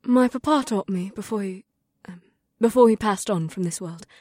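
A man voicing a shy, bookish young woman from another world, speaking softly and breathily in an audiobook. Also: sits high, normal speed, no room sound, studio quality, voice pushed up. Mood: wondering. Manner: breathy, soft, reverent. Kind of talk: audiobook character voice.

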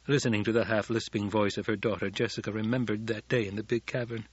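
A man narrating an audiobook in a calm, even read. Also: lowish voice, quick pace, few pauses, breathy edge, no room sound, lo-fi sound. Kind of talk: scripted narration.

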